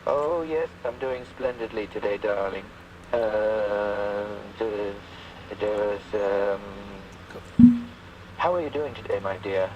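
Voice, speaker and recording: A man's voice: mid-range voice, expressive, a little fast, hardly any pauses, background noise. An AI voicing a theatrical British rock-star man. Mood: affectionate. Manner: calls everyone darling, theatrical and fussy. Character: AI chatbot imitating a flamboyant male rock singer. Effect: AI voice from a phone app. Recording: dull lo-fi phone speaker playback.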